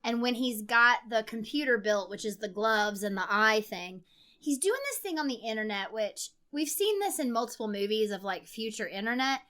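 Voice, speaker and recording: A woman's voice: on the high side, lively intonation, normal speed, fairly bright tone. A woman co-hosting a podcast, casually and animatedly reviewing a film, full of "like" fillers. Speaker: podcast co-host. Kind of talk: casual movie review chat.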